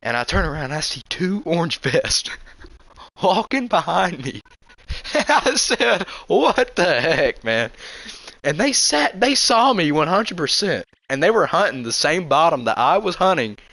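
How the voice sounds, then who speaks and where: Young man, casual and chatty, laughs often, expressive pitch, dry recording. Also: dry recording. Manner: animated, laughs often, quick restarts. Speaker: hunter telling stories. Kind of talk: casual storytelling.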